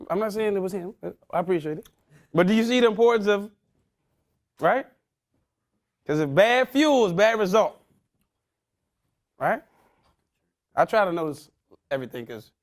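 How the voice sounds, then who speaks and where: Lively high-voiced male motivational speaker. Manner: animated, quizzing the audience with casual slang. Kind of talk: interactive talk to a young audience.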